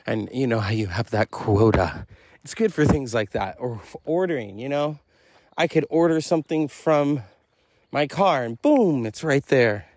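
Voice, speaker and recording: A man's voice: medium pitch, lively intonation, moderate pace, darkish tone. A man hosting a solo podcast, rambling through a casual monologue with self-amused, profane asides. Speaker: podcast host.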